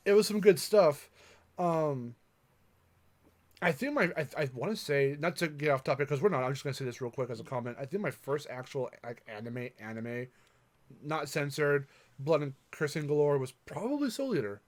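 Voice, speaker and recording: A man hosting a podcast in casual chat, relaxed and quick to laugh, with many fillers. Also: fairly high pitch. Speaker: podcast host.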